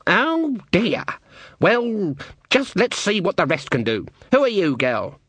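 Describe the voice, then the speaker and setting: A man's voice: high-pitched, huge pitch swings, takes it slowly, fairly bright tone, breathy edge, no room sound, pitched above the performer's own voice, heavily acted. Man putting on a stern old witch, Granny Weatherwax. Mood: scornful. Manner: scornful, bossy, mocking. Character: stern old witch woman, sharp-tongued.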